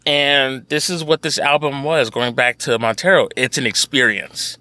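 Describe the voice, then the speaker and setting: A man co-hosting a podcast in casual chat, animated and laughing, swearing freely. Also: medium pitch, moderate pace, no room sound. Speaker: podcast co-host.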